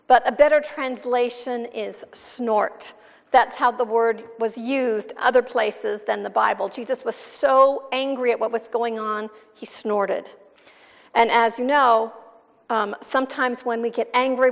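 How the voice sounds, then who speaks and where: Woman pastor, gravelly and somewhat high, measured sermon delivery, long hall reverb. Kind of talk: scripture reading and sermon.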